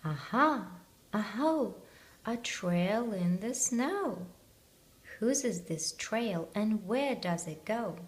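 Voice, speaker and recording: A woman voicing a small, brave girl monster who asks high, eager questions. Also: animated, slow pace. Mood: bold curious.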